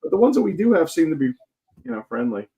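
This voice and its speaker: A man's voice: fairly high pitch, very animated, fast, mellow. A man telling ghost stories in casual chat as a guest paranormal investigator, joking and rambling with many fillers.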